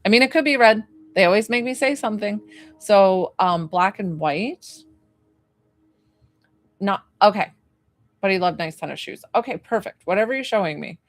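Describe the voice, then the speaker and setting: A woman psychic medium talks through a spirit reading in a loose, wandering way, full of "like" and questions aimed at the client. Her pitch sits at an ordinary middle height. The sound is dry and close, with no room around it. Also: lively intonation, moderate pace, long pauses, dry recording. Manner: rambling and tentative, full of "like" and questions to the sitter; gently reassuring when she relays comfort.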